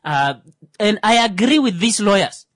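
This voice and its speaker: A man's voice: high voice, big pitch swings, unhurried, a bit bright, no echo. A man, hosting a radio show and giving satirical news commentary with sarcastic, mock-indignant asides and stumbling restarts. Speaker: radio host.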